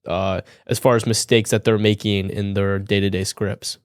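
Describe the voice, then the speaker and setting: A man's voice: fairly low pitch, little pitch movement, normal speed, smooth, no room sound, clean studio sound. A man hosting a podcast, asking loose, rambling questions full of "like". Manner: loose, filler-heavy questions with lots of "like". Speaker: podcast host. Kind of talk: casual podcast interview.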